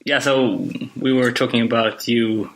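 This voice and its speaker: A man hosting a podcast, asking an interview question in a slow, even way. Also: mid-range voice, poor audio. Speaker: podcast host.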